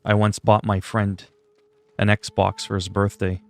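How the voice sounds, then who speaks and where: Low-voiced rambling gaming streamer. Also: male voice, monotone, a little slow, creaky. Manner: rambling, filler-heavy, self-deprecating jokes. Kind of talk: casual livestream chat while gaming.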